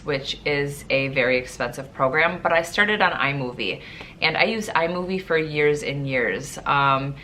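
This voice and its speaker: A woman's voice: low-pitched, sharp tone, slight background noise. A young woman chatting through a casual Q&A vlog, emotional and close to tears at times, with lots of fillers. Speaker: nurse and vlogger.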